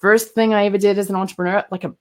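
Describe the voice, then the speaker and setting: A woman with a New Zealand accent, a guest telling her story in a casual interview, chatty and animated, with lots of fillers and restarts. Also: medium pitch, rapid-fire. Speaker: entrepreneur guest.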